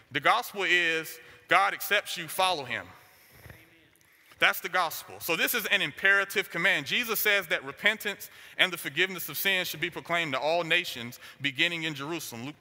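A man's voice: on the high side, pushed and bright. A man preaching a sermon, driving his points home with short, repeated declarations. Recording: long hall reverb.

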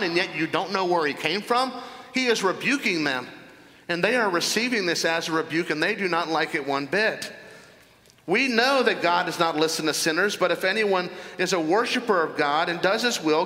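A man preaching a sermon, working through scripture verse by verse with emphatic asides. His voice sits high and has a bright, forceful edge. The sound carries a long hall reverb. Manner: expository preaching, reading scripture aloud with emphatic commentary. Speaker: pastor.

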